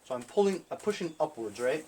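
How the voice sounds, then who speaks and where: A man's voice: a little high, expressive, fairly quick, a little mellow, slight background noise. A man casually talking viewers through a lawn tractor engine repair while he works, chatting to them as he goes. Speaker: small-engine repair vlogger. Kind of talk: casual hands-on repair demonstration.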